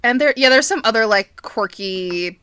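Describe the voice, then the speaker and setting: A woman's voice: on the high side, expressive, normal speed, pushed and bright, clean tone, no echo. A young woman co-hosting a podcast in casual chat, gushing and laughing often, swearing casually. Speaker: podcast co-host.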